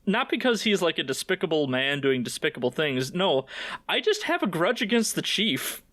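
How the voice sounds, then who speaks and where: A man's voice: a little high, sing-song, normal speed, fairly bright tone, no echo. A man hosting a casual recap podcast, joking, swearing and laughing often as he acts out scenes. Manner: profane, joking. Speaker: podcast host.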